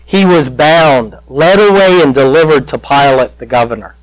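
A man preaching a sermon in a church, slow and emotional, with dramatic pauses and soft drops in his voice. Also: mid-range voice, no room sound, low-quality recording.

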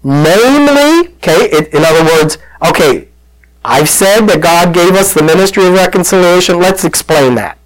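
A man's voice: on the high side, normal speed, no room sound, low-quality recording. A man preaching a sermon to his congregation, telling the story conversationally and calling out to the listeners. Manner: conversational, animated storytelling with audience call-outs. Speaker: pastor.

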